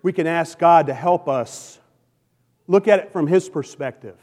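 High-voiced preacher in a reverberant hall. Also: male voice, expressive, normal speed. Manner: preaching with wide swings between loud emphatic questions and soft hushed appeals. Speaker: pastor. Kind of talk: sermon.

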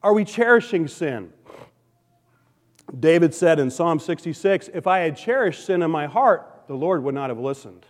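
Man, pastor, sermon, high voice, emphatic then hushed, long hall reverb. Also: lively intonation, normal speed. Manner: preaching with wide swings between loud emphatic questions and soft hushed appeals.

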